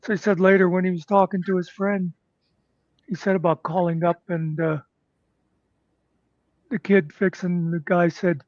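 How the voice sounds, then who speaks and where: A man hosting a casual chat, telling stories in a rambling way with many pauses and fillers. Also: high voice, little pitch movement, darkish tone, dry recording, highs cut off.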